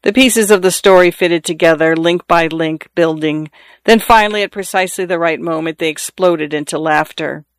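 A man narrating a novel as an audiobook in a measured, expressive way. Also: fairly high pitch, clear, resonant tone, dry recording.

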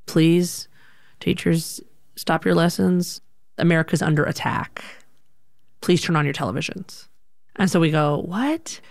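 Low-voiced woman telling a personal story. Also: dry recording, clean studio sound. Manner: animated, conversational, many "like" fillers. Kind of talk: personal story told to an audience.

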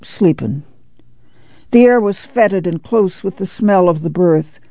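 A woman reading an audiobook aloud on radio in an even, unhurried way, in a dull lo-fi recording. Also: mid-range voice, gravelly, no echo. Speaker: audiobook reader.

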